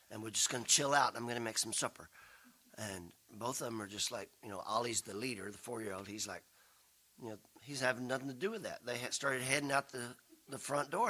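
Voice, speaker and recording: Bright-voiced older man telling stories. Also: fairly low pitch. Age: 60s. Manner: rambling, self-deprecating humor, acts out quoted voices. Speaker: guest speaker and folk singer. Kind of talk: storytelling talk to a congregation. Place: spiritual center, broadcast live.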